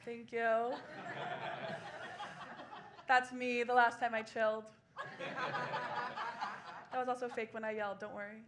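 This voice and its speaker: A woman in her twenties performing a solo comedy show on a small theater stage, laughing through quick self-deprecating asides. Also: fairly high pitch, little pitch movement, background noise. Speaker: stand-up comedian.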